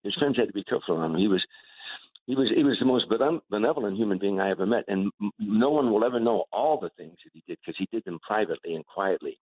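An older man, a comedian, telling stories with animated restarts in a radio interview over the phone. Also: lowish voice, fast talker, slightly rough, dry recording. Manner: animated storyteller with repeated restarts. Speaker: guest comedian. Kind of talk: casual radio interview storytelling. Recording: tinny phone line.

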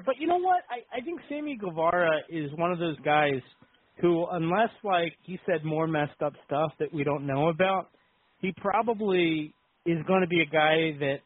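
Man, podcast host, husky, casual rambling talk, tinny phone-like line. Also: a little high, normal speed, no room sound. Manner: rambling, laughs often.

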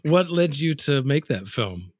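A man's voice: a little high, sing-song, unhurried, slightly rough, no echo. Male podcast host with a dry sound. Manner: thoughtful, with small stumbles and repeated words. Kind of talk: interview questions and conversation.

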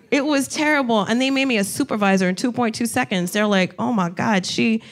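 A woman comedian telling stories in a loose, animated way, swearing and laughing as she goes. Her voice sits a little higher than most women's. She talks like she's among friends on a casual chat show. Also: normal speed. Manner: profane, animated, laughs often. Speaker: comedian, co-host.

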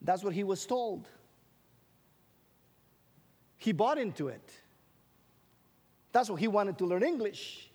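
Man, preacher, sermon, high voice, drawn-out emphasis on scripture, questions the audience, long reverb of a large hall. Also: expressive, a little mellow, slightly rough. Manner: stretches out scripture phrases for emphasis; asks the audience questions and tells jokes.

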